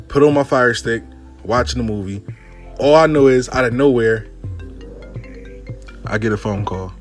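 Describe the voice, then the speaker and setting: A man telling a comic personal story in a blunt, profane, animated way. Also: mid-range voice.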